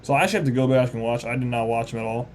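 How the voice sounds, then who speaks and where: A young man calling baseball play-by-play on a live stream, casual and chatty as he reads viewer comments between pitches. His voice sits at a middle pitch, with faint noise behind it. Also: rapid-fire. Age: young adult.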